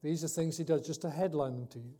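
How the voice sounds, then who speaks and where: Male preacher, higher-pitched mellow voice, emphatic sermon delivery with loud and soft swings. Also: quick pace. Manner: reads scripture aloud, corrects himself.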